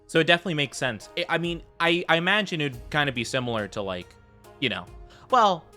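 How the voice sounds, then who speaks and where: A man's voice: a little high, animated, fast talker, pushed and bright, soft background music. An American man chatting casually while streaming a game, rambling with lots of fillers and tangents. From United States.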